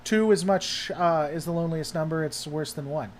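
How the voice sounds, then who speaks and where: A man's voice: a little high, normal speed, a little hiss or hum. A man hosting a casual livestream chat, rambling and heavily sarcastic as he answers viewers. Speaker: host.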